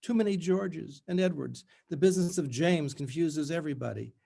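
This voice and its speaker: A man voicing a brisk woman tutor in her fifties, with a strangulated voice forced through gritted teeth and a falsely bright, bossy manner. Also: fairly high pitch, vocal fry, pitched above the performer's own voice. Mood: prim, falsely cheery. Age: 50s. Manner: unbearably faux bright, prim and bossy.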